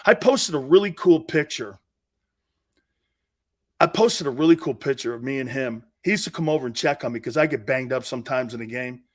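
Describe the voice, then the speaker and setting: With a medium-pitched voice moving fairly quickly, this sports talk host tells lively stories on air, dropping to hushed asides and then erupting loudly, full of brash, blunt banter.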